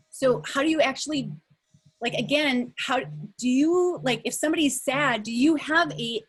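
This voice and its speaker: A woman's voice: a little high, a bit bright, slightly rough, poor audio. A middle-aged woman leading a live online workshop over a video call, talking in a conversational way with many fillers and restarts. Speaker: workshop facilitator.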